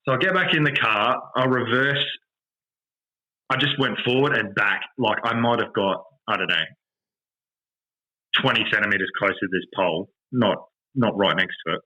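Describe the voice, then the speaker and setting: An Australian man hosting a podcast, telling a story in an animated, exasperated rant with lots of swearing. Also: fairly low pitch, normal speed, poor audio. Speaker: podcast host. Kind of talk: casual storytelling chat.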